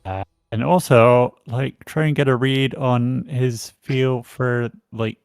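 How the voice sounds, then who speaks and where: Gravelly low male player, hesitant, close dry mic. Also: fairly even intonation, slow pace, no echo. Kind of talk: casual tabletop play.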